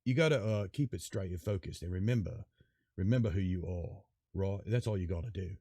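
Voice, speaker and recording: A man voicing a zany male pirate character with a deliberately botched Scottish accent, giving an excitable pep talk. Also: medium pitch, dry recording, clean studio sound, close to an everyday voice.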